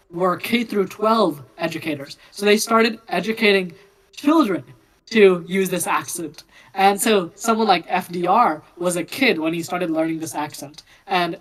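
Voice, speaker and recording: A woman explaining a topic in a casual group discussion, lively and chatty with fillers. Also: fairly low pitch, poor audio. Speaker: discussion participant. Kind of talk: casual philosophical chat.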